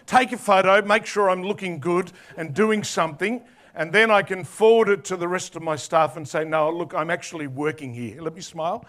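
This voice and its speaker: Chatty Australian man, high voice. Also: normal speed, few pauses, a bit bright. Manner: chatty and playful, with asides. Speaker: conference speaker. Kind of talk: casual, joking presentation. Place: conference hall with an audience.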